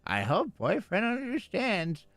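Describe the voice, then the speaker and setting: A man voicing a sweet old grandmother who guilt-trips gently and apologizes in a falsely syrupy way. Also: high voice, wildly swooping pitch, a little slow, no room sound, voice pushed up, full character voice. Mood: sugary.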